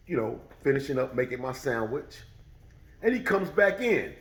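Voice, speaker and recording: A middle-aged man telling a true story in a casual, animated way, acting out the voices of the people in it. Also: mid-range voice, normal speed, reverberant, rough recording.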